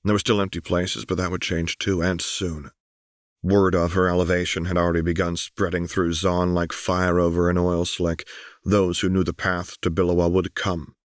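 A man narrating a story in a steady, even way. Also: sits low, normal speed, dry recording, clean studio sound. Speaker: audiobook narrator.

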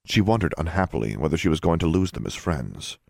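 Male audiobook narrator, low voice, dry close sound, measured storytelling. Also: lively intonation, creaky, a little mellow, dry recording. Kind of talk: scripted narration.

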